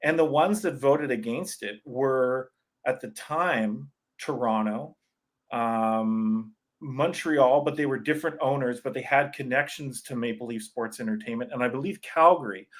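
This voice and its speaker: A man chatting as a podcast guest in a sparse room of his new house, rambling and animated, laughing often. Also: medium pitch, unhurried. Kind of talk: casual sports chat.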